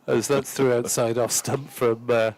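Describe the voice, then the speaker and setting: A man's voice: medium pitch, little pitch movement, a little slow, a little mellow, a little hiss or hum. A man co-commentating live cricket, chatting drily and offering statistics from a commentary box.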